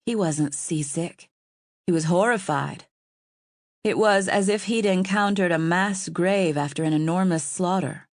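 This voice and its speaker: A woman narrating an audiobook in a calm, even storytelling manner. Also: fairly low pitch, measured pace, no echo, studio quality. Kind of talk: scripted narration.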